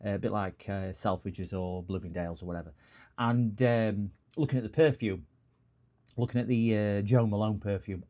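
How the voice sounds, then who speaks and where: On a live repair stream, a man from northern England chats casually in a lowish, warm voice at a normal speed. Speaking with a northern English accent, he tends to ramble and wander off into long, digressive stories.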